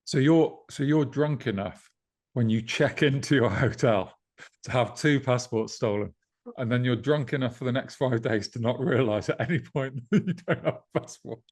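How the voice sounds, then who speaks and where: A man's voice: mid-range voice, normal speed, darkish tone. A man co-hosting a podcast in casual chat, wry and teasing toward his friend. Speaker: podcast co-host.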